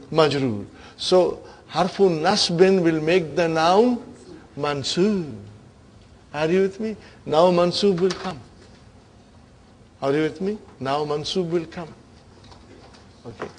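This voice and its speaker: A man's voice: high-pitched, darkish tone, rough recording. A man teaching an Arabic grammar class, quizzing his students with repeated questions and slipping into Urdu phrases now and then. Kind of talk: classroom lecture.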